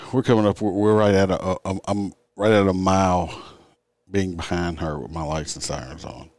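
A man's voice: low-pitched, a little mellow, dry recording. An older man, a police officer, telling a traffic stop story in a blunt, profane, rambling way, tired and yawning. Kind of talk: casual storytelling.

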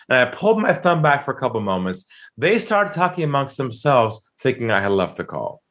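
Male storyteller, animated and emphatic, acts out quoted voices, lively mid pitch. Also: fairly quick. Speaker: sales trainer guest telling a story.

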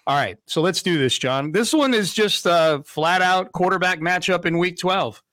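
A man hosting a sports talk podcast, his voice sitting a little high for a man. He keeps it loose and chatty and teases his partner. The sound is close and dry. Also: moderate pace, fairly bright tone, no echo. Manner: chatty, playfully needling his co-host. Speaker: sports radio podcast host.

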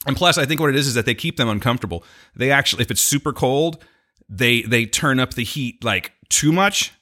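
Animated, rambling man telling road stories. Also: mid-range voice, fairly quick. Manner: rambling, animated storytelling with profanity and laughs. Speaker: podcast co-host. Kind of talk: casual chat.

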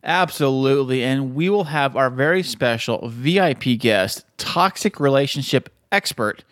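A man's voice: mid-range voice, expressive, moderate pace, a bit bright, no echo, studio quality. A man co-hosting a podcast in a jokey, upbeat manner. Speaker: podcast co-host. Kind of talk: casual podcast chat.

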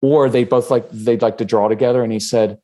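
Calm man giving parenting advice. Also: medium pitch, brisk. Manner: calm, steady, gives examples with acted quotes. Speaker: parenting expert guest. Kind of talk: casual podcast interview.

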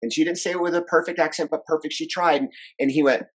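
A man who grew up in France, coaching on relationships in a casual podcast chat, instructive and energetic, often repeating words. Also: on the high side, quick pace, husky, rough recording.

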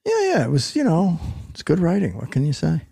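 Middle-aged guy with a gravelly voice, dry jokey chat, close dry mic. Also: on the high side, wildly swooping pitch, fairly quick, mellow, dry recording. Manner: dry, self-deprecating humor. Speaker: podcast guest, actor. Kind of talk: casual chat.

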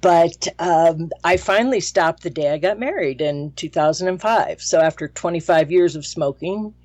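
A woman working as a hypnotist, answering interview questions in a thoughtful way with some pauses. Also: lowish voice, a little mellow, dry recording. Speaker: hypnotist guest.

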